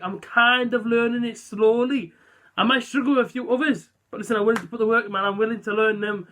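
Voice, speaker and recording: Chatty young man, bright and high. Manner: chatty, self-deprecating, many fillers. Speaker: vlogger. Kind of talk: casual vlog chat.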